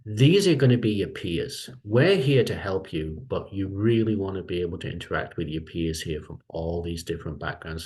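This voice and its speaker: A middle-aged man with a low voice speaks as a lecturer in a casual online meeting. He rambles and repeats himself while giving friendly advice.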